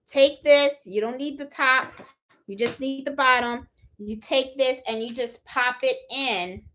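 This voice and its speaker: A woman's voice: sits high, a little slow, sharp tone, a little hiss or hum. Chatty woman host demonstrating crafts. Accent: Puerto Rican. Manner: chatty, repeats "okay?" and "hold on"; laughs at her own fumbles while working. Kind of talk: casual live tutorial demo.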